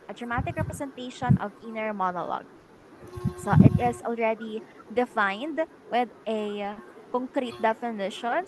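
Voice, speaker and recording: A woman's voice: a little high, noisy background. A young woman student with a Filipino English accent presenting a lesson, explaining step by step with many "okay, so" restarts. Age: young adult. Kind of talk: classroom lecture presentation.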